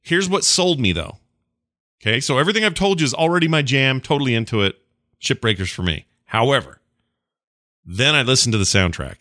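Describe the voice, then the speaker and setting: A podcast co-host with a sharp, mid-range voice chats animatedly about a video game in studio-quality audio with no echo. He's enthusiastic and casual, rambling and tossing in quick asides.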